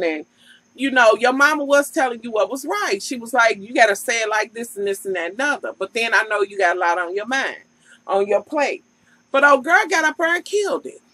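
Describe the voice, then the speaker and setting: A woman's voice: fairly high pitch, fairly bright tone, dry recording, low-quality recording. A woman vlogger giving a sassy, profane, casual recap of a reality TV show and talking straight to the cast.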